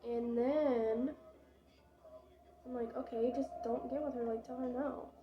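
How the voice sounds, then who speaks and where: A woman's voice: a little high, steady tone, a little slow, dull audio, music in the background. A young woman vlogger telling a casual storytime, chatty and dramatic, with lots of fillers and swearing.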